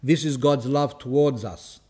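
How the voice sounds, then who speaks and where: A man's voice: medium pitch, fairly even intonation, measured pace, a little mellow, slightly rough. A man giving a spiritual talk, reading quotes aloud and explaining them in a conversational way. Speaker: religious teacher. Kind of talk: spiritual talk reading and commenting on a saint's life.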